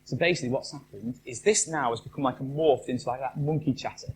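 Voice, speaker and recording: At a live event venue, a man speaking fast in a mid-range voice gives a chatty talk as a motivational speaker, often asking the audience questions. A little hiss or hum is audible.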